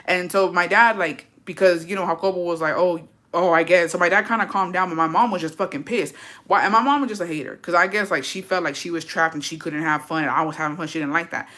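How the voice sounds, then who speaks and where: A woman's voice: fairly low pitch, fast, pushed and bright. A young woman telling a personal story in a casual vlog, blunt and swearing a lot, rambling with fillers and slipping into Spanish.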